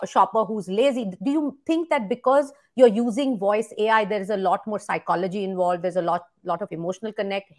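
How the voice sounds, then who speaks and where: A woman hosting a podcast interview, asking long, winding questions. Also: fairly high pitch. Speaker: podcast host.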